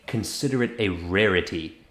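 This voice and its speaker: A man's voice: low voice, moderate pace, fairly bright tone. A man voicing Frizz, a stern, imperious male fey who lectures the party in a commanding, haughty way. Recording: echoey room with faint noise.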